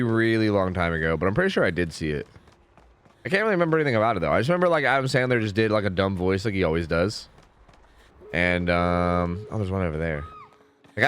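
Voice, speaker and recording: A man's voice: medium pitch, fairly bright tone, clean tone. A man streaming a video game, giving casual commentary with exasperated, joking, rambling asides to his chat.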